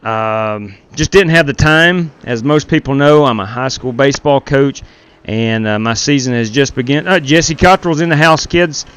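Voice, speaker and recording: Smooth-voiced man streaming sim racing. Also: medium pitch, moderate pace, fairly bright tone. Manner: chatty, talks to viewers while managing the race lobby. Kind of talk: casual live-stream commentary. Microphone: gaming headset.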